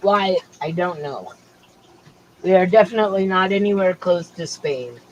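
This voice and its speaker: A woman's voice: on the low side, moderate pace, muffled recording, slight background noise. A middle-aged woman hosting a casual livestream from home, chatting in a rambling way and drifting from topic to topic. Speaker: livestream host. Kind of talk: casual chat.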